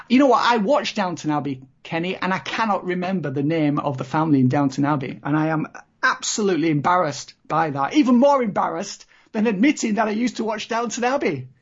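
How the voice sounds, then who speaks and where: A woman's voice: on the low side, husky. A woman co-hosting a podcast, chatting casually and rambling, with many "you know"s. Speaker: podcast co-host. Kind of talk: casual chat about reality TV. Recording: dull lo-fi podcast audio.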